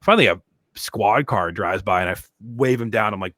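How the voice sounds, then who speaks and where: Low-pitched male podcast co-host, casual rambling anecdotes, dry studio sound. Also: normal speed, fairly bright tone, no room sound. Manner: rambling storyteller, many fillers. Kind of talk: casual chat.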